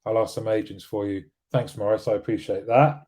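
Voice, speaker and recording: A man's voice: fairly low pitch, steady tone, a little fast, dark tone. A man hosting a weekly live show, chatting casually and rambling, with frequent restarts and fillers. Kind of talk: casual live-stream talk, reading viewer comments.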